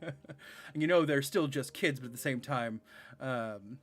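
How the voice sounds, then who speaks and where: A man's voice: mid-range voice, measured pace, soft background music. A man in his thirties chatting casually while streaming a game, rambling, sarcastic and laughing often. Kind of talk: casual live-stream chat.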